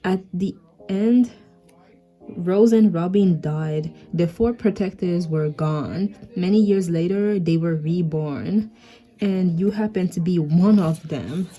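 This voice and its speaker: A woman's voice: lowish voice, slow, warm tone, dull audio, soft background music. A woman reading a comic aloud, voicing a chipper winged female guardian spirit in a light, raised voice. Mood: storytelling.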